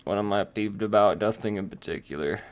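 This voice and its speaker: A man's voice: on the low side, fairly quick. A man chatting casually and rambling with jokes while drawing on a stream, thinking aloud.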